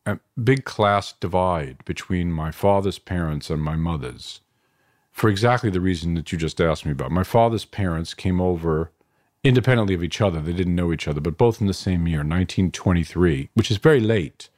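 A man from New York in his fifties, a filmmaker reflecting on his family in an interview, halting and restarting often. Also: low-pitched, a little mellow, no echo, clean studio sound. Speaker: filmmaker guest. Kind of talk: interview answers.

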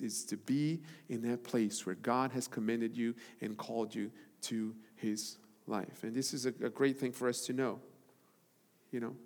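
A man preaching a sermon as pastor, swinging from loud, high-pitched calls to hushed, low passages. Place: church sanctuary. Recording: large hall with long reverb and music.

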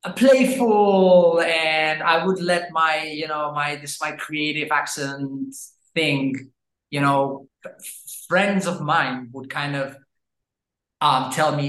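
A man chats animatedly as an interview guest and keeps the story moving with frequent fillers. His voice sits on the higher side, and the recording has a roomy echo. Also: steady tone, slow pace, fairly bright tone. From Brazil. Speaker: guest, language educator. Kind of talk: casual interview chat.

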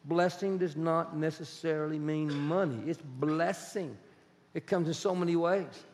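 Animated male pastor preaching in a hall. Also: fairly high pitch, unhurried. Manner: animated, conversational preaching with acted-out dialogues. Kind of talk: sermon. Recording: long church hall reverb.

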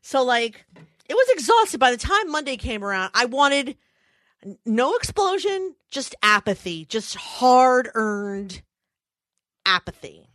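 A woman telling a story in casual chat, animated and full of fillers. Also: high voice, unhurried, no room sound, clean studio sound.

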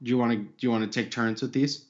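A man's voice: mid-range voice, steady tone, quick pace, muffled recording. A man co-hosting a podcast in casual banter, joking, laughing often and swearing. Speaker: podcast co-host.

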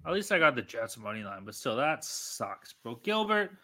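A man's voice: mid-range voice, big pitch swings, moderate pace, bright, forceful tone. A man co-hosting a sports-betting podcast, ranting in casual chat and swearing constantly. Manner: profane, ranting, exasperated. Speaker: podcast co-host.

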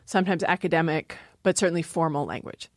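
A woman's voice: deep voice, fast, dry recording, clean studio sound. A woman linguist explaining language in an interview, often laughing as she talks. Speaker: linguist guest. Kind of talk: interview talk.

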